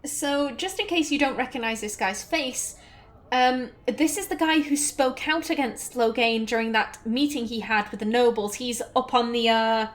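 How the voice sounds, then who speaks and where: A chatty woman narrating her own video game playthrough, casual and rambling and full of fillers. Her voice sits a little high and sounds natural and conversational. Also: moderate pace. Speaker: let's play host.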